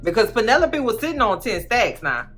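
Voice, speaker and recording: A woman giving a casual, sassy recap of a TV show, animated and talking straight to her viewers. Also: fairly high pitch, fairly quick, husky, faint music behind. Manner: animated, sassy, swearing, talks to viewers directly.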